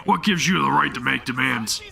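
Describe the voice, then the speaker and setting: A man's voice: medium pitch, moderate pace, gravelly, soft background music, full character voice. A man voicing a hot-tempered, scornful gang boss while reading game dialogue aloud. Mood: angry, shouting. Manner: shouting, sneering.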